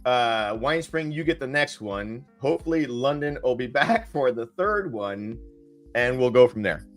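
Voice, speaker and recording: A man's voice: mid-range voice, animated, moderate pace, soft background music. A man hosting a casual livestream chat, jokey and a bit scattered, laughing often.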